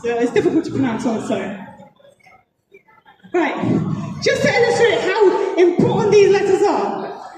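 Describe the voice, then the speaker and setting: A woman's voice: extremely high pitch, sing-song, unhurried, long pauses, darkish tone, far from the mic. A woman with an upbeat, bubbly manner who laughs often, leading an audience through pronunciation drills at a convention talk. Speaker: speaker teaching a language to an audience. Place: large convention hall. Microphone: phone in the audience. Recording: echoey hall recorded from afar on a phone. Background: crowd repeating and reacting.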